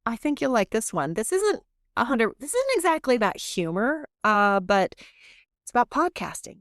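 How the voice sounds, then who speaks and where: A middle-aged woman professor, chatty and animated, often interrupting herself as she talks in a podcast interview. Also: on the high side, moderate pace, no room sound, clean studio sound. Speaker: guest professor.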